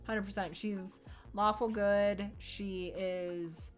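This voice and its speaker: A woman's voice: mid-range voice, fairly even intonation, takes it slowly. A young woman streaming, chatting casually and animatedly, laughing often, swearing and acting out quotes. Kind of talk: casual chat. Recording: faint music behind.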